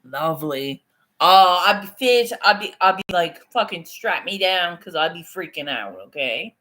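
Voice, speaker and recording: A woman's voice: fairly low pitch, expressive, normal speed, fairly bright tone. A woman in her thirties, chatting casually on a home livestream, swearing and laughing often as she answers her viewers. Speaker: livestream host. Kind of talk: casual livestream chat reading comments.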